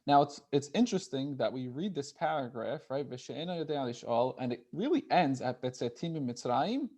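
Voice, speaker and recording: A man's voice: medium pitch, lively intonation, darkish tone, slightly rough. A man leads a youth class in an easy, conversational way. He explains step by step and keeps checking in with his listeners as he goes. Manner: conversational, often checks in with "right?"; reads Hebrew text slowly with the group. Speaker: teacher.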